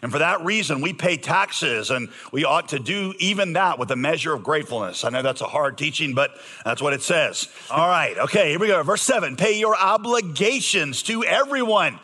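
A man's voice: fairly high pitch, lively intonation, fairly quick, hardly any pauses, sharp tone, husky, long reverb tail. A man preaching a sermon as pastor, joking in a conversational way and reading scripture aloud with emphasis.

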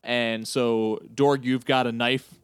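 A man's voice: mid-range voice, flat delivery, takes it slowly, clear, resonant tone, no echo. A man playing a tabletop game, describing his character's actions in an easygoing way. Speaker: player.

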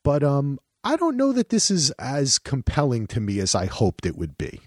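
A man co-hosting a podcast in casual chat, animated and profane, with frequent restarts. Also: mid-range voice, normal speed, dry recording, clean studio sound. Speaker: podcast co-host.

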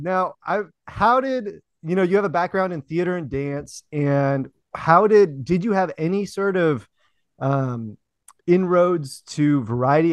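A man's voice: on the high side, dry recording. A man hosting a podcast interview, joking around and stopping and restarting as he asks his questions. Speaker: podcast host and comedian.

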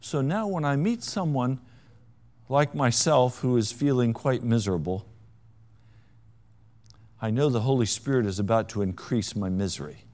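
A man preaching a sermon, with a wry, self-mocking humor and dramatic swings between hushed and loud delivery. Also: mid-range voice, expressive, moderate pace, long pauses. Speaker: pastor.

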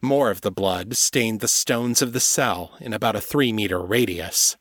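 Fiction narrator, male, low voice, measured delivery, dry booth sound. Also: a bit bright, no echo. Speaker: audiobook narrator.

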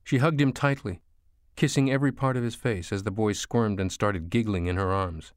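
Man reading an audiobook, lowish voice, hushed and slow, dry studio sound. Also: no echo. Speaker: audiobook narrator. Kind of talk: scripted narration.

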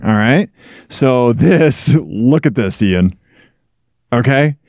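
This is a man co-hosting a podcast in casual chat. He talks in an animated, jokey way at a middling pitch. The sound is dry and close. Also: slow, creaky, no echo. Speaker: podcast co-host.

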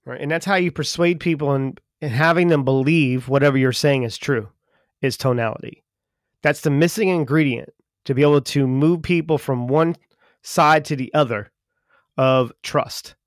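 Fast-talking man, folksy podcast co-host. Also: mid-range voice, no echo, clean studio sound. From Charleston, South Carolina, US. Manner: talks fast when excited, folksy and joking. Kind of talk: casual podcast chat.

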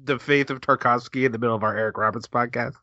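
A man co-hosting a podcast, giving dry, deadpan replies. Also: mid-range voice, fast talker, no room sound. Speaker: podcast co-host. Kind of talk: casual podcast chat. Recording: slightly dull, muffled audio.

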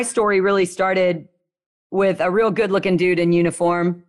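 A young woman from Louisiana with a Southern accent, telling her story as a guest in a casual, lively way with playful slang. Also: on the low side, normal speed.

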